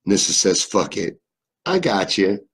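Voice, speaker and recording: A man's voice: sits low, big pitch swings, unhurried, husky. A young man with a faint Southern US accent, hosting a live stream and chatting loosely through viewer comments, joking and swearing freely as he rambles. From Kentucky, USA. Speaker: livestream host. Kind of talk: casual live-stream chat reading comments.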